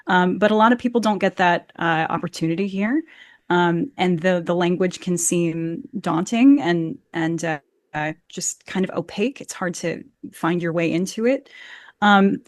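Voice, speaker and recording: Earnest American woman, low-pitched voice. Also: moderate pace, no echo, studio quality. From United States. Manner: earnest, passionate, repeats words at starts of phrases. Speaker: guest, actor and Shakespeare coach. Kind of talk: conversational interview. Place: home room, video call.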